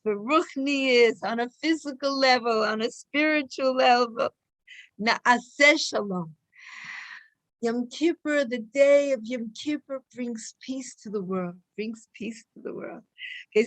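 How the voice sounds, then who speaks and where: A woman's voice: high voice, fairly bright tone, dry recording, poor audio. A woman giving an informal, emotive Torah class, telling personal stories and sprinkling in Hebrew and Yiddish terms. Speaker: Torah teacher.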